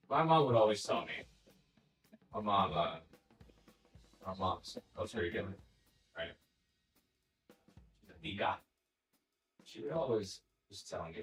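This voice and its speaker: A man chats loosely with his stream audience while he paints, drifting between muttered self-talk and swearing. His voice sits low and his pace is slow and unhurried. It is recorded from a distance in an echoey room, with music playing behind him. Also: fairly bright tone. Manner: rambling, talks to himself and to chat, swears casually. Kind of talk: casual chat while painting.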